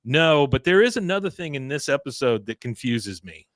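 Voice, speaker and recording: A man's voice: mid-range voice, very animated, moderate pace, fairly bright tone, no room sound. Chatty male podcast co-host. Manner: chatty, many "uh"s. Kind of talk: casual episode recap chat.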